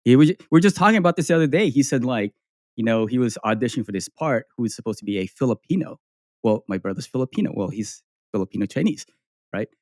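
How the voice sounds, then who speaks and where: A man's voice: medium pitch, expressive, quick pace, a little mellow, dry recording. Man hosting, dry close sound. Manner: chatty, loose, many fillers. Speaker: podcast host. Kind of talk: casual interview chat.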